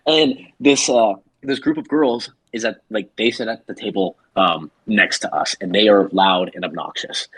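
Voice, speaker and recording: A man with a husky, slightly rough voice, close and dry with no room sound. He tells a story as casual podcast chat, rambling and full of "like," and slips into quick impressions of the people he quotes. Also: on the low side, fairly bright tone, no room sound, poor audio. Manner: rambling, filler-heavy, acts out quoted people. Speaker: podcast co-host.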